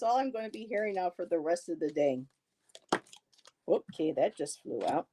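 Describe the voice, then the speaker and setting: Pausing often, a woman with a warm, expressive, lowish voice at normal speed hosts a tarot live stream over slight background noise. She gives card readings, answers her chat by reading comments aloud, and is chatty, reassuring, and quick to laugh.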